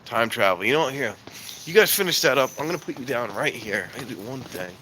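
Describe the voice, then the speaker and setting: A man's voice: medium pitch, expressive, quick pace. A man hosting a casual live stream from a handheld phone, out in the cold at night and later inside an elevator, joking and rambling about wrapping up. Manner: rambling, joking, keeps promising to wrap up. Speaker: livestream host. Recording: roomy echo and clear background noise.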